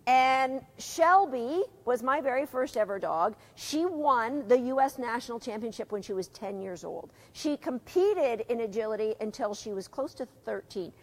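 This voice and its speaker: A woman's voice: on the high side, lively intonation, moderate pace, hardly any pauses. Chatty woman teaching a dog agility class. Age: middle-aged. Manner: chatty, asks the audience questions, reads out their comments. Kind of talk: live seminar talk to students.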